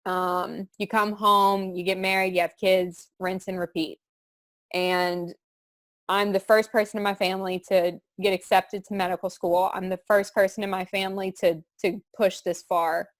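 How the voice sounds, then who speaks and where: A young woman speaks with earnest, heartfelt feeling, her thoughts rambling as she goes. Her voice sits at a middle pitch. The recording is close and dry, with no room sound. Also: little pitch movement, moderate pace, dry recording. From southern Louisiana. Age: young adult. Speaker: student giving a testimonial. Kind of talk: candid testimonial chat.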